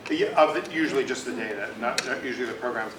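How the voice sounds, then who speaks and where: Fast-talking man leading a tech discussion. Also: medium pitch. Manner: eager, explanatory. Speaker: discussion leader. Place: office meeting room. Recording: distant echoey room, background noise.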